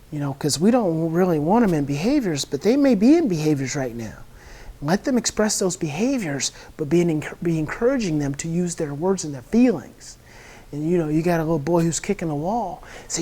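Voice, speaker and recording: A woman's voice: lowish voice, dark tone, husky. A woman guest in an interview explaining parenting in an earnest, repetitive way. She acts out a child's angry outbursts and a parent's soothing words. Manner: earnest, repeats words and restarts often.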